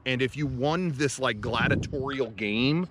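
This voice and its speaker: A man co-hosts a podcast from an outdoor hilltop, his voice sitting at an ordinary middle pitch. He rambles loosely and jokes crudely. Steady outdoor noise runs clearly under his voice. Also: unhurried. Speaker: podcast co-host. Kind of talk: casual joking chat.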